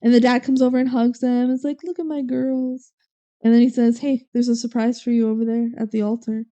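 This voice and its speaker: Young woman co-host, casual recap chat; slightly high, warm and smooth. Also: monotone, fast. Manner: retells scenes with quoted character lines, frequent "like" and "um". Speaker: podcast co-host.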